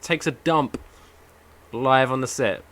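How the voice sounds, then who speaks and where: A man co-hosting a podcast in casual chat, telling stories in an animated way with swearing and asides. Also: medium pitch, slow pace. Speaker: podcast co-host.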